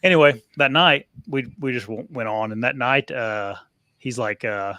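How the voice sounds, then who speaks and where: This is a man in his thirties chatting on a faith podcast. His voice sits in a middle pitch and is recorded close and dry. He talks in an earnest, heartfelt way. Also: moderate pace, pushed and bright, no room sound. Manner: earnest, emotional storytelling. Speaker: podcast co-host. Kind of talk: casual faith podcast chat.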